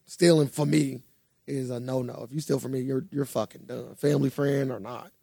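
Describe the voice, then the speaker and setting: A young man co-hosting a casual podcast, telling a story in an animated, profane way. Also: medium pitch, moderate pace, vocal fry, breathy edge, no room sound, clean studio sound. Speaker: podcast co-host. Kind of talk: casual chat.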